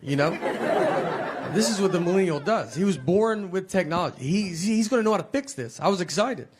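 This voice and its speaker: A man in his forties doing stand-up comedy in a slow, deadpan storytelling way. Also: fairly high pitch. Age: 40s. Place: live stage with audience laughing. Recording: live show with crowd laughter and noise.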